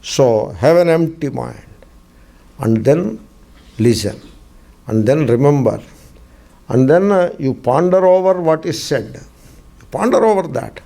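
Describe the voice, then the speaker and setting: A man's voice: fairly high pitch, expressive, slow, vocal fry, long pauses, warm tone. A man, a swami, teaching a spiritual discourse class, emphatic and fond of asking and answering his own questions, repeating key phrases with dry humor.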